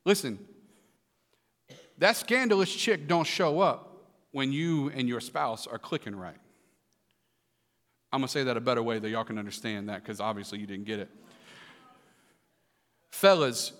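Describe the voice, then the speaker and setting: A man's voice: medium pitch, fairly bright tone. A man pastor delivering a live sermon in a church, talking to the congregation in a loose, conversational way with jokes and asides. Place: church sanctuary. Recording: long hall reverb.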